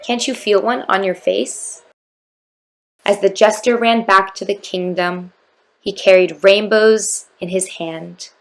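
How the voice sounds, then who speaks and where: Gravelly woman reading a rhyming storybook. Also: mid-range voice, steady tone, slow. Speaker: storybook reader.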